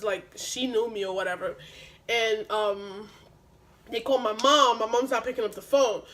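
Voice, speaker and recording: High-pitched young woman, storytime vlogger, animated, profane and slangy. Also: slight background noise, low-quality recording. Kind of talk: casual storytime.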